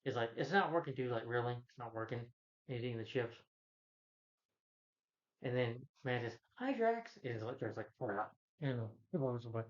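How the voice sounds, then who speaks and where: A man's voice: mid-range voice, fairly even intonation, moderate pace, pauses often, lo-fi sound. Rambling man recapping a film plot. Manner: rambling, with many restarts and fillers; quotes characters in his own voice. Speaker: film reviewer.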